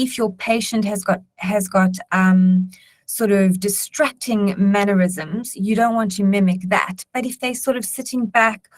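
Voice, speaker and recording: A woman who works as a patient actor, giving measured, instructive advice on a webinar panel with frequent ums. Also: medium pitch, a little mellow, rough recording.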